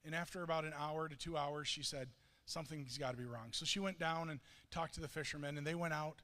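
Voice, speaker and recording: A man's voice: fairly high pitch, a bit bright. A man preaching a sermon, telling a story earnestly with frequent restarts. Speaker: pastor. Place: church sanctuary. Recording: long reverb of a church hall.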